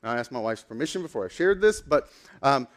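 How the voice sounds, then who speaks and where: A man preaching a sermon as a pastor, telling a story in a casual, animated way with lots of fillers. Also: medium pitch, fairly quick.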